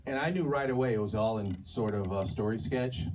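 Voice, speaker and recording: A man animator telling stories on a panel in a lively way, laughing as he talks. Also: lowish voice, brisk. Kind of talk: panel reminiscence. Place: panel talk before an audience. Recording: distant mic with clear background noise.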